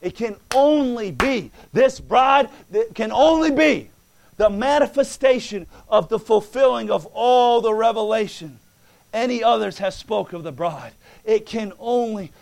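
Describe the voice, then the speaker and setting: Gravelly high-pitched man preaching. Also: a little slow. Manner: building from quiet talk to fervent shouted preaching. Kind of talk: sermon.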